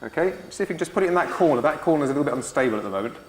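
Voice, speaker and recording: A man's voice: on the high side, expressive, rapid-fire, slight background noise. A man giving a live science demonstration lecture to an audience, upbeat and encouraging.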